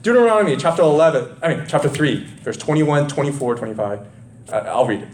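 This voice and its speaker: Male preacher, high lively voice, rhetorical questions, echoey room. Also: quick pace. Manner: animated, conversational, rhetorical questions. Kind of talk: sermon.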